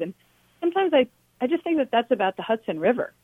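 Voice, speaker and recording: Breathy chatty woman musician guest. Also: on the high side, big pitch swings, fast, dry recording, narrow, tinny audio. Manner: rambling, chatty, laughs often. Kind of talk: casual interview conversation.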